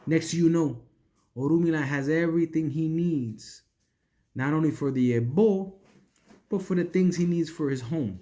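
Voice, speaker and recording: Man, slightly high voice, spiritual teacher, storytelling lesson, explanatory, repeats words, says "right?" often. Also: moderate pace, warm tone. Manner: explanatory, checks in with frequent "right?"; repeats words as he rethinks mid-sentence. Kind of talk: teaching by retelling a sacred story.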